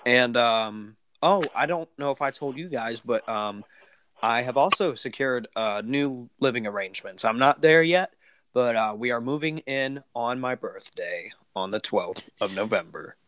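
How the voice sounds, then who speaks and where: A man's voice: mid-range voice, animated, unhurried, a bit bright, smooth. A man hosting a podcast in casual chat, rambling with lots of fillers and restarts. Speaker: podcast host.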